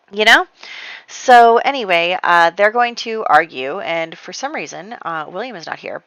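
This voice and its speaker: A woman's voice: medium pitch, fairly bright tone, no echo, low-quality recording. A young woman chattily recapping her life-sim gameplay story, rambling with fillers and restarts. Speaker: let's play host. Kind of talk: casual gameplay recap narration.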